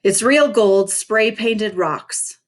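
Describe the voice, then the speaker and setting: Lady reading, doing a cranky old philly guy, gruff and mean, loud and drawn out. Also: sits high, takes it slowly. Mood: grumpy. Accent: Philadelphia. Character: cranky old man who hates kids.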